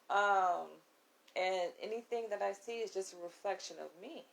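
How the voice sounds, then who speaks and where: A woman's voice: mid-range voice, normal speed, vocal fry, low-quality recording. A woman vlogger talking from her bedroom in a candid, self-assured chat, often laughing as she tells her stories. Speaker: vlogger, channel host. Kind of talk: casual confessional chat to camera.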